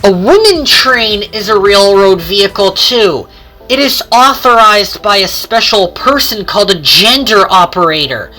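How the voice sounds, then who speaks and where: A woman narrating a homemade train story in an unhurried, sing-song storytelling manner. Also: medium pitch, lively intonation, sharp tone, faint music behind.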